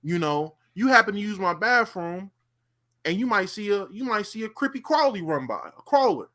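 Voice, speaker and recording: Lively high-voiced man telling a story. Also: normal speed. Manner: animated storyteller, repeats himself, lots of fillers. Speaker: podcast co-host. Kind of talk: casual chat.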